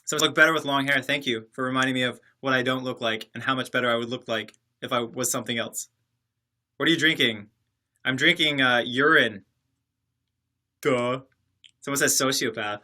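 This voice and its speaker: A man's voice: medium pitch, fairly quick, pushed and bright. A man casually chatting on a livestream, reading viewer comments and answering them in a sarcastic, joking, rambling way. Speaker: livestream host reading chat. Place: separate building, alone.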